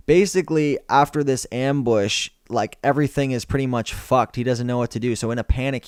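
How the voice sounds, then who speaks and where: A man's voice: medium pitch, smooth, no room sound, studio quality. Profane man rambling through a film recap. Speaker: film reviewer.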